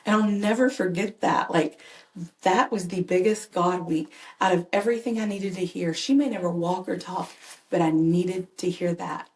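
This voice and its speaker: A woman's voice: on the low side, fairly even intonation, moderate pace, darkish tone. A woman, a mother and caregiver, telling personal stories earnestly and animatedly as a podcast guest. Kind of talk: conversational personal storytelling. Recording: echoey room.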